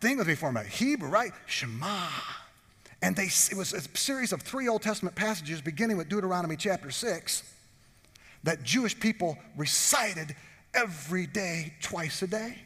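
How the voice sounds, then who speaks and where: A pastor preaching a sermon, joking and drawing the congregation in with questions. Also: male voice, sits high, lively intonation, moderate pace, sharp tone, husky, in a large hall. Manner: jokey, talks with the congregation.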